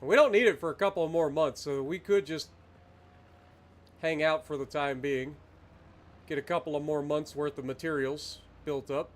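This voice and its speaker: On the high side and moderately paced, a male livestreamer's voice carries relaxed commentary over a farming game. He rambles and chats with viewers throughout his play.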